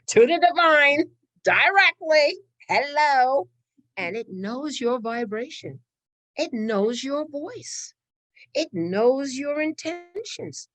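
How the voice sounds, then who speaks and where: A woman's voice: mid-range voice, fairly bright tone, no room sound. A middle-aged woman giving a spiritual talk, laughing often and acting out inner voices. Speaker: spiritual teacher.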